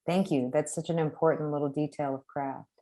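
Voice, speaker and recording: A woman's voice: low voice, steady tone, a little fast, mellow. A woman leading a poetry class over a video call, effusive and encouraging, laughing often.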